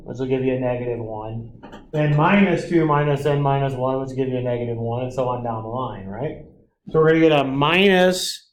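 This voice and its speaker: A man's voice: medium pitch, slight background noise. A man teaching a math class, talking students through each step and checking in with frequent tag questions. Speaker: math lecturer. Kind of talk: classroom lecture.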